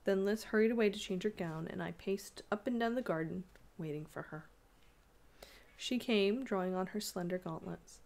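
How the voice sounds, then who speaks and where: A woman's voice: medium pitch, moderate pace, gravelly, darkish tone. Woman reading a story aloud. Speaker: narrator.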